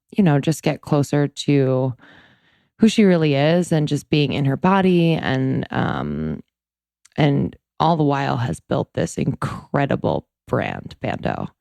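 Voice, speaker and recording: A woman's voice: a bass voice, gravelly, mellow, no echo, studio quality. A young adult woman co-hosting a podcast in casual chat, laid-back and laughing often. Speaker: podcast co-host.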